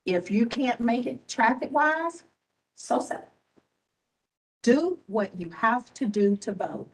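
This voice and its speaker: A woman's voice: fairly high pitch, lively intonation, slow pace, pauses often, distant mic, low-quality recording. Emphatic, weary woman at a board meeting. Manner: emphatic, repetitive, scolding. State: tired and emotional. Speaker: elections official at a public board meeting. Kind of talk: impassioned public remarks. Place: government meeting room.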